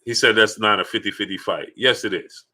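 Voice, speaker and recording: A man with a lowish, bright and forceful voice hosts a live sports stream. He talks casually and emphatically, hammers his points through repetition and keeps calling out viewers in the chat by name. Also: fairly quick.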